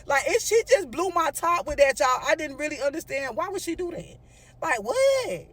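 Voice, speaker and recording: High-voiced woman telling an animated story. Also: moderate pace. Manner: animated, addresses viewers with frequent asides. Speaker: storyteller vlogger. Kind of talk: casual storytime monologue.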